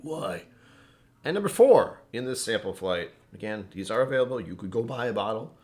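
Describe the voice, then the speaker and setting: Lively-voiced man hosting a home whiskey stream. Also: fairly low pitch, moderate pace. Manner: rambling, joking, self-interrupting. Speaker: whiskey channel host. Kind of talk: casual live-stream tasting chat.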